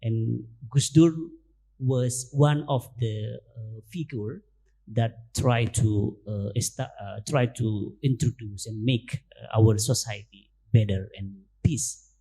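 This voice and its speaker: Slow, halting man. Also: medium pitch, vocal fry, warm tone, husky. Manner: halting, many restarts. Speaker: panel speaker. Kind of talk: panel discussion.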